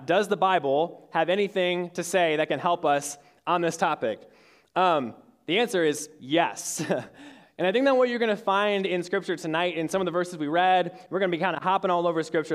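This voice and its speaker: A young man in his twenties giving a casual sermon to young adults, telling a story with lots of fillers and restarts. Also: high voice. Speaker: youth speaker. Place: church hall with audience.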